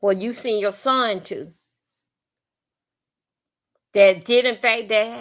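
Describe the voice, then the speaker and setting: A woman's voice: on the high side, fairly even intonation, slow pace, pauses often, a bit bright. A woman from Florida with a Southern accent, ranting bluntly and profanely on a live stream, rambling and repeating herself. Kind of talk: live-stream commentary rant.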